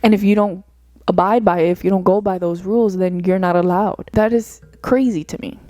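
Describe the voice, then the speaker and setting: A woman's voice: mid-range voice, fairly even intonation, brisk, dark tone, no room sound. A young woman hosting a solo podcast, talking through her thoughts in an earnest, rambling way, full of "like" and "you know". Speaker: podcast host. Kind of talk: reflective solo podcast monologue.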